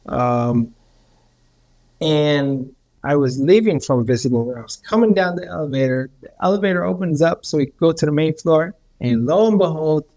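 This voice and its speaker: Male guest, gravelly, chatty storyteller, rambling with fillers. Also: warm tone. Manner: rambling, many fillers, acts out others' quotes in a higher voice. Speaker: healer and guest. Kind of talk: casual storytelling interview.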